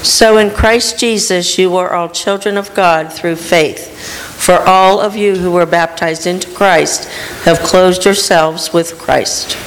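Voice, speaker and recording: A woman reads a scripture passage in a measured, even way during a church service. Her voice sits somewhat low for a woman. Long reverb from the church hall trails behind each phrase. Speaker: scripture reader. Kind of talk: scripture reading.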